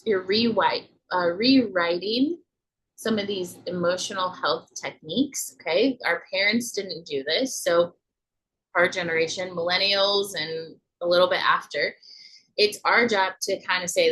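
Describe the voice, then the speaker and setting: A woman in her thirties gently teaching emotional self-care, checking in with listeners as she explains. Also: mid-range voice, moderate pace, slightly rough, low-quality recording. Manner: gentle, coaching, many "okay?" check-ins. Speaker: inner healing coach. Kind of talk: teaching talk to camera.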